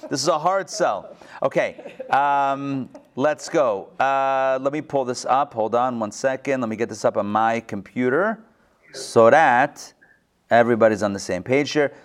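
A man casually teaching a study class, asking the group questions and making joking asides. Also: mid-range voice.

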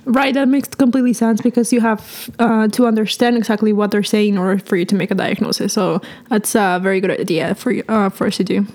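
A woman's voice: medium pitch, steady tone, quick pace, few pauses, darkish tone. A woman co-hosting a casual medical Spanish lesson, explaining terms patiently and laughing easily. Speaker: co-host teaching medical Spanish. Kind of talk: casual teaching chat.

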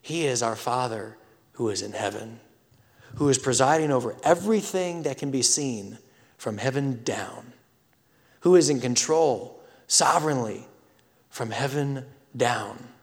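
A man, preaching a sermon that swings from loud scripture reading to hushed whispers. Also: medium pitch, lively intonation, unhurried. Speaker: pastor. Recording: long reverb of a large hall.

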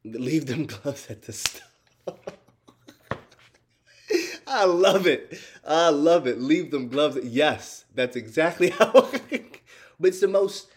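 A man in casual chat with his viewers, animated and profane, laughing often and calling them y'all. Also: fairly high pitch, slow pace, pauses often. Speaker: streamer talking to chat.

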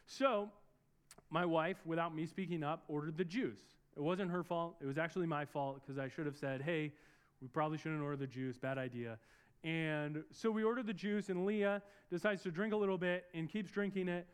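A man's voice: high voice, brisk, clean tone. A young man preaching a sermon in church, earnest and storytelling, building up to emphatic peaks as he prays. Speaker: pastor. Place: church service in a room.

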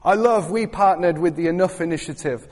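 A man's voice: high-pitched, a little fast, darkish tone. A man preaching a sermon as a guest speaker in a church, chatty and joking, rising into fervent appeals to the congregation. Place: church hall. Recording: long hall reverb.

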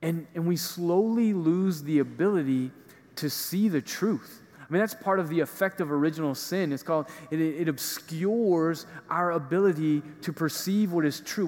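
A man's voice: a little high, moderate pace, a little mellow. A male preacher giving a conversational homily in a church, using casual fillers as he explains. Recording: reverberant hall.

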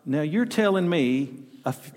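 A man's voice: fairly high pitch, lively intonation, a little slow, a little mellow. A middle-aged man with a Southern US accent, preaching a sermon with folksy stories and call-and-response to his congregation. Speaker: pastor. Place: church sanctuary. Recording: long reverb of a church hall.

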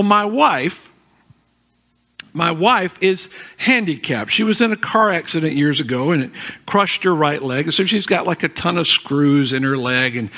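A middle-aged man preaching as a guest pastor, his voice sitting high for a man. He tells a personal story with animated, self-deprecating humor.

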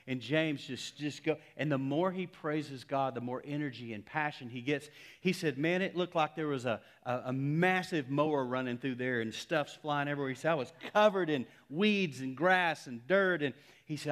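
Male pastor, middle-aged, mid-pitched; dramatic sermon delivery with big loud-to-hushed swings. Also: moderate pace. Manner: storytelling preacher swinging from loud exclamations to hushed near-whispers.

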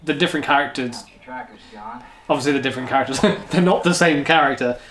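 A man's voice: medium pitch, fast talker, fairly bright tone, reverberant. A man co-hosting a casual rewatch podcast, teasing his co-host and laughing often.

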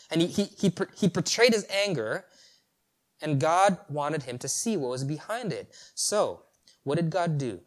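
A man preaching a sermon, animated, asking rhetorical questions and chuckling at the story. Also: on the high side.

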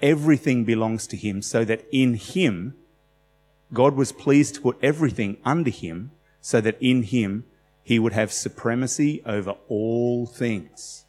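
A man's voice: medium pitch, measured pace, a little mellow, long reverb tail. A man preaching a sermon in a conversational, emphatic way, telling stories with animation.

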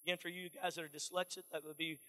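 A man's voice: fairly high pitch, flat delivery, fast, sharp tone. A man preaching a sermon in earnest, warning tones, addressing the congregation as friends. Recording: long reverb of a large hall.

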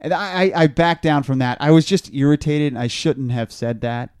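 A man's voice: a little high, normal speed, a little mellow, clean tone, no room sound, clean studio sound. A man podcast host telling a long story in casual chat, rambling and stammering as he repeats words.

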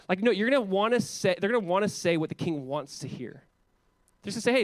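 A man preaching a sermon as pastor in an animated, conversational way full of casual asides. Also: high-pitched, brisk, no echo.

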